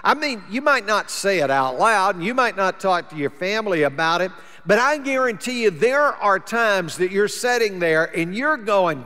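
High-voiced man preaching in a reverberant church. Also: expressive, moderate pace, sharp tone. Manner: conversational preaching, plain folksy wording. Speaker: pastor. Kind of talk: sermon. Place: church sanctuary.

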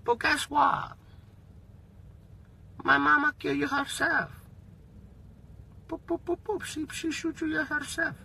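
A man voicing a calm, menacing gangster boss who talks slowly and quietly in a low voice. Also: creaky, heavily acted. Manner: slow, low, threatening delivery.

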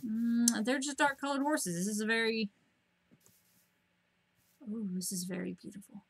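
A woman streaming a game at home, chatting to herself in a rambling, casual way and breaking into excited squeals at the animals. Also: normal speed, creaky. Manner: rambling, self-talking, bursts of high squeals at animals.

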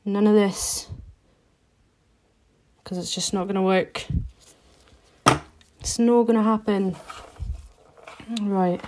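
A woman's voice: mid-range voice, steady tone, slow pace, pauses often, noisy background. A woman giving a chatty, step-by-step live nail art tutorial while she works.

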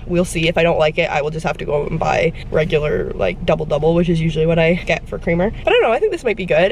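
A woman's voice: lowish voice, a little hiss or hum, rough recording. A young woman, chatting casually to her camera as a lifestyle vlogger and filling her talk with "like.". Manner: chatty, rambling with frequent "like" fillers. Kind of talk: casual vlog chat.

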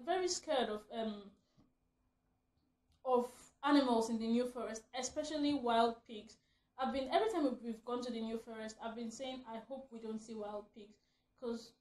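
A woman vlogger telling a funny story in casual chat, animated and laughing often as she acts out what she shouted. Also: a little high. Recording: roomy echo.

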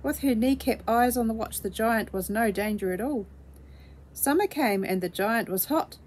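A woman reading a children's storybook aloud in a gentle, measured way. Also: a little high.

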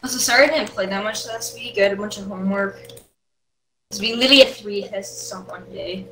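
A woman's voice: mid-range voice, fairly quick, fairly bright tone. Joking woman gamer in an echoey room. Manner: joking, rambling, talks to herself while playing. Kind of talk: casual gaming chat. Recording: roomy with background noise.

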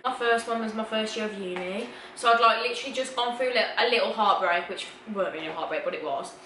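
A young woman hosts a casual chat, giggly and loose, with a bright, crisp tone. She sounds a bit far from the mic, in an echoey room. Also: mid-range voice, fast talker, slight background noise. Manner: chatty, giggly, says "like" a lot. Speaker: YouTube host. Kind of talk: casual girl-talk chat.

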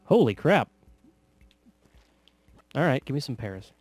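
A man's voice: mid-range voice, big pitch swings, slow pace, faint music behind. Sarcastic man joking through a game. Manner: sarcastic, joking, bursts of loud laughter. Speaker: gameplay commentator. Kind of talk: casual let's play commentary.

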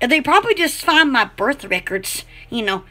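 A young woman rambling through a casual vlog, excitable and giggly, her thoughts scattered. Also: high voice, normal speed. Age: young adult. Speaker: channel host.

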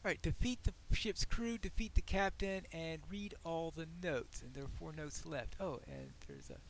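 A man with a fairly high voice talks casually through gameplay on a desk mic. He reacts aloud and mutters to himself as he goes. A faint room ambience sits behind him. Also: big pitch swings, normal speed, slight background noise. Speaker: gameplay commentator. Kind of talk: casual let's-play commentary.

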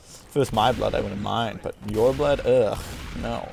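A man doing casual let's-play commentary, excitable and full of yelps and exclamations. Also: fairly low pitch, measured pace, vocal fry, noisy background. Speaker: gameplay commentator.

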